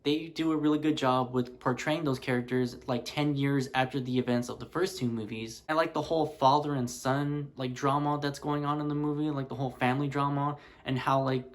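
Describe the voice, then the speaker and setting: A man's voice: medium pitch, fairly even intonation, brisk, hardly any pauses. A man casually reviewing horror films in a chatty, loose vlog style full of "like" fillers. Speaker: movie reviewer.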